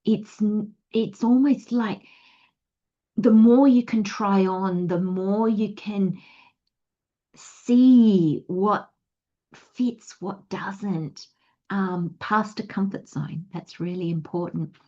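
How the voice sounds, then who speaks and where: A woman's voice: mid-range voice, slow, warm tone, highs cut off. An Australian woman giving a tarot reading in a chatty, rambling way, slipping into little acted inner voices. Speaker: tarot reader. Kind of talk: casual spiritual guidance talk.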